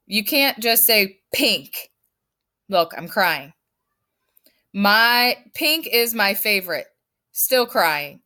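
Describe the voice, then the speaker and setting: A woman's voice: medium pitch, bright, forceful tone. A woman teaching her fifth grade class in a recorded lesson, firm and emphatic as she explains step by step.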